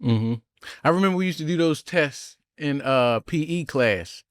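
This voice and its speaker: A man co-hosting a podcast in casual chat, easygoing and quick to laugh. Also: fairly high pitch, expressive, smooth, no echo. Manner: laid-back, easygoing, laughs often. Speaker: podcast co-host.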